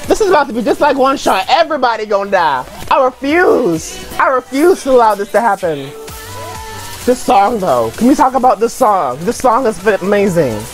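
Animated young woman ranting with slang. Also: a little high, fairly quick, soft background music. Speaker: reaction channel host. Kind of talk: casual music video reaction.

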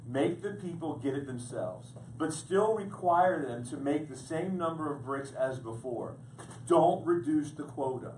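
A man preaching a sermon as pastor, repeating words as he builds to loud, urgent points. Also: medium pitch, a little hiss or hum. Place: church sanctuary. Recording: echoey room picked up from a distance.

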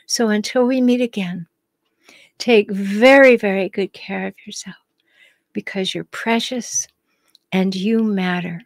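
A woman hosting a live stream, reading viewers' comments and answering them in a gentle, reassuring way. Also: mid-range voice, fairly even intonation, measured pace, dry recording.

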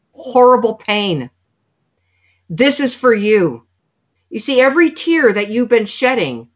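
A woman giving an earnest, preaching testimony, quoting scripture along the way. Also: fairly high pitch. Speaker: guest. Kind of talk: sermon-like testimony. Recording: dull lo-fi sound.

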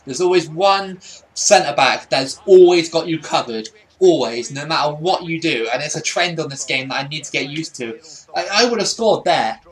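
A young gaming YouTuber with a slightly high, fairly bright voice offers casual commentary over a football video game. He frequently gets frustrated and swears at the game.

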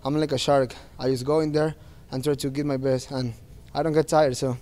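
A man's voice: mid-range voice, little pitch movement, brisk, warm tone. A man speaking as a fighter at a post-fight press interview, earnest and plain-spoken, with non-native phrasing.

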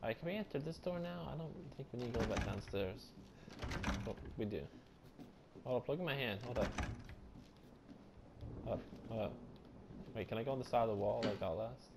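A man giving jumpy, profane let's play commentary, breaking into loud frightened outbursts. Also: medium pitch, a little fast, vocal fry, pauses often, noisy background. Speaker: gamer.

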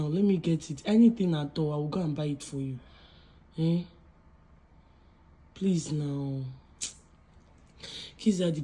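A woman's voice: sits low, dark tone. A woman, pleading tearfully and coaxing someone sick to eat in a home vlog. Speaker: vlogger. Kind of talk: emotional vlog to a sick partner.

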